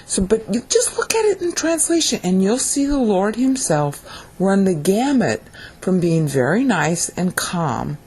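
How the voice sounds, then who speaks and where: A woman's voice: mid-range voice, sing-song, a little slow, a little mellow, slightly rough. A woman giving a casual video Bible lesson, talking conversationally and often checking in with "okay?". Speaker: Bible teacher.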